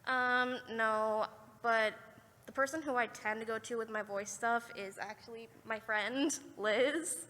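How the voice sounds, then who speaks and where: Woman, convention audience member, giggly and chatty, slightly high bright voice, echoing hall. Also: steady tone, a little slow, slight background noise. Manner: giggly, chatty, breaks into laughs. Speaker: fan asking a question.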